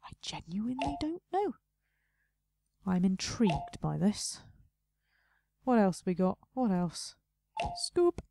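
A woman's voice: mid-range voice, sing-song, measured pace, vocal fry, dark tone, no echo. A young woman casually commenting on her own gameplay, chatty and self-mocking, talking to herself as she plays. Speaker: let's play host.

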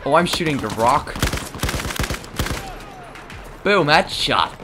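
A man's voice: on the high side, sing-song, moderate pace, noisy background. A man giving joking, self-mocking commentary while playing a shooter game. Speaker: gaming channel host. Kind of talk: let's play commentary. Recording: loud game gunfire over the voice.

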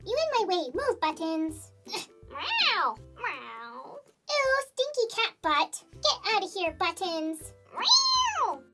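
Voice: very high-pitched, huge pitch swings, takes it slowly, over music, heavily acted. A performer voicing a defiant toddler girl in a kids' comedy skit, talking in broken baby-talk grammar. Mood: bossy.

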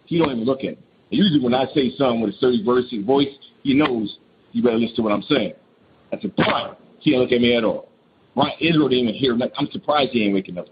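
A man calling in to tell a true ghost story in casual, rambling speech, full of restarts and repeats, getting animated when he quotes others. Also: mid-range voice, dull audio, noisy background. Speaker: caller. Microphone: phone call.

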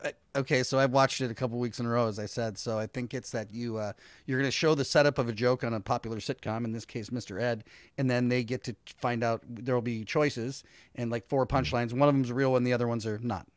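A man's voice: medium pitch, fairly even intonation, fast talker, no room sound. A man as a comedy sidekick, trading laid-back banter on a live comedy show and explaining things with fillers.

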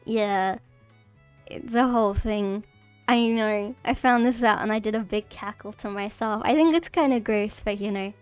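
A woman's voice: medium pitch, moderate pace, clean tone. Giggly, rambling woman streamer. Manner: giggly, rambling, many fillers and restarts; nervous. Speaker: streamer teaching mycology. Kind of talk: casual livestream lesson. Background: faint background music.

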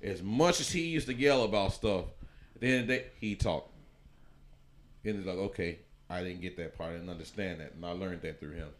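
A man with a fairly low voice, talking as a podcast guest. He tells his story in a loose, rambling way, often restarting and filling pauses. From Chicago, USA. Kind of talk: casual interview storytelling.

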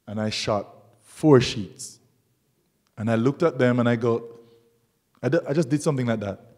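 A man from Jamaica giving a public artist talk, telling stories animatedly and acting out the dialogue. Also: medium pitch. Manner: animated storyteller who acts out dialogue. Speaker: guest speaker, documentary photographer. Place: museum lecture hall.

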